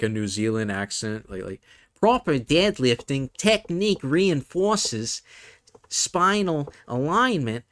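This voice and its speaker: A man hosts a loose comedy podcast, laughing easily and rambling through his points. His pitch swings widely while his delivery stays slow. He sounds dry and close to the mic. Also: a bit bright, no echo. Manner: laughs often, rambling with many fillers and restarts. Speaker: podcast host. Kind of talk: casual comedic podcast chat.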